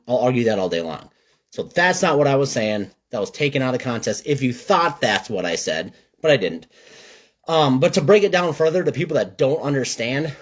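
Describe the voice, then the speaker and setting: A man from Minnesota who runs a gutter business, talking bluntly to camera in a casual, animated rant. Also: mid-range voice.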